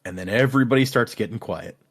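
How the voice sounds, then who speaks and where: Speaking quickly in a mid-range voice with a breathy edge, he recaps chapters in a casual book club podcast. Lively and animated, he acts out quotes from scenes in playful voices.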